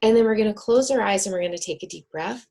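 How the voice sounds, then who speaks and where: Woman on a video call coaching breathing, soft and earnest, kinda raspy. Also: mid-range voice. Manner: soft, earnest, counts slowly. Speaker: wellness speaker.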